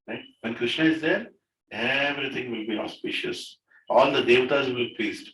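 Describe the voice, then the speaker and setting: A man with an Indian English accent leading a devotional class in a home, telling stories and reading verses in a chatty, animated way. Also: medium pitch, measured pace, pauses often. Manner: animated storyteller, conversational. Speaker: speaker leading a scripture class. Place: room in a private home, group gathering. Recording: echoey room, distant mic, crowd.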